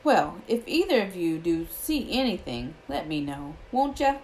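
Hagrid, a gruff impatient gamekeeper, as a woman puts him on. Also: on the low side, sing-song, unhurried, a little mellow, a little hiss or hum, poor audio. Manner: brusque, impatient, rustic. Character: huge gruff male gamekeeper.

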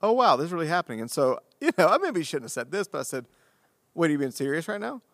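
Animated storytelling pastor, dry close mic. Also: male voice, on the high side, fast, no room sound. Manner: animated and self-deprecating, acting out the dialogue. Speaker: pastor and podcast co-host. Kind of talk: casual conversational storytelling.

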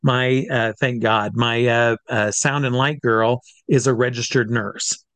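Brief: middle-aged male showman recounting a story with lively acted asides, mid-range voice, dry recording. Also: mid-range voice, unhurried, no echo. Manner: animated, acts out voices in his stories. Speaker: comedy stage hypnotist. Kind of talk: storytelling in an interview.

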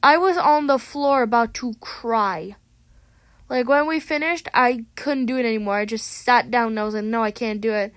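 A woman's voice: fairly high pitch, moderate pace, fairly bright tone, no room sound. Chatty, sarcastic teen girl vlogger. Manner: chatty, dramatic and sarcastic, with frequent self-corrections. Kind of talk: casual rant to camera. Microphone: tablet microphone.

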